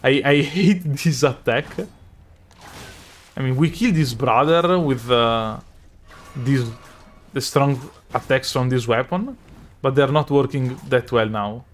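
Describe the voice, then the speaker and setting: A man's voice: mid-range voice, slow pace, long pauses. A man from Northeast Italy with a Northeast Italian accent, whose first language is Italian, streaming a game and rambling in casual asides while he plays. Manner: chatty, rambling asides between game reactions. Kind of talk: casual live gameplay commentary.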